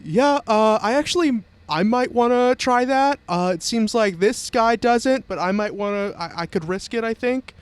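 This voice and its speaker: A man's voice: very high-pitched, moderate pace, clear, resonant tone, no echo, voice pushed up. A man voicing a prisoner who calls up eagerly but stumbles over each phrase. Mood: hopeful. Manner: loud, stumbling and unsure. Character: eager, hesitant prisoner willing to risk it.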